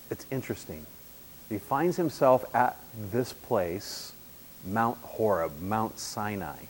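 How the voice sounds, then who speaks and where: A man preaching a sermon in an animated, emphatic way, shifting between loud bursts and hushed asides. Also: on the low side.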